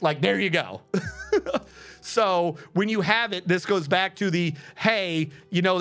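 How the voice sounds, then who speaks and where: A man's voice: high voice, fairly bright tone. A man streaming a game, chatting in a casual, profane rant and explaining things step by step.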